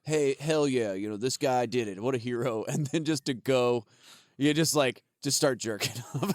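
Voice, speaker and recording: A man's voice: medium pitch, lively intonation, normal speed, fairly bright tone, no room sound, studio quality. A man co-hosting a podcast, a comedian who tells rambling stories, swears freely and laughs often. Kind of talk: casual chat.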